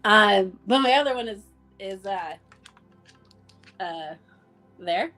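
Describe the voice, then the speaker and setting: A woman's voice: mid-range voice, expressive, slow, bright, forceful tone, faint music behind. A woman guest in a casual conversation, telling heartfelt stories about coworkers, acting out the dialogue and using plenty of "like.". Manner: heartfelt storytelling, acting out dialogue, many "like" fillers. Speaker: interview guest.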